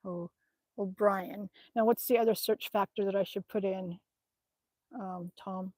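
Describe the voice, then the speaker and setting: A woman's voice: medium pitch, steady tone, normal speed, dark tone, no room sound. A woman chatting casually with viewers on a livestream, reading comments, laughing often and muttering to herself. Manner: chatty, laughs often, mutters to herself while tapping through her screen. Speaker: vlogger reading live chat comments.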